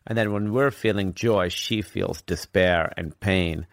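A man's voice: sits low, measured pace, vocal fry, no echo, studio quality. A man candidly telling a personal story as a guest in a conversation, rambling and swearing casually.

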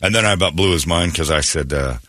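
Talking fast in a low voice, a man hosts a morning radio show from a studio, laughing through an animated story and imitating voices for quotes. A noisy crowd creates heavy background noise.

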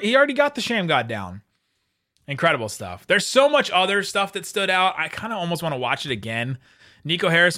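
A man hosting a casual sports podcast, chatty and quick to laugh, often restarting his sentences. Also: on the high side, bright, forceful tone. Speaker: podcast host.

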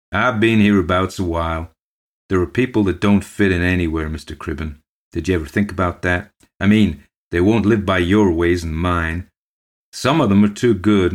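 A man's voice: sits low, close to an everyday voice. A man doing an old, placating postmaster. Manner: calm, placating, murmuring. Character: old male country postmaster, patient.

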